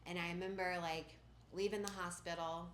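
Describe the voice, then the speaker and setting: A woman with a slightly low voice shares her recovery story in a loose, conversational way, peppering her sentences with "like" and "you know." She sounds candid and unpolished. The voice rings in a roomy, echoing space. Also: level tone, normal speed, a little hiss or hum. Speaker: speaker at a recovery meeting. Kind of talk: personal recovery testimony.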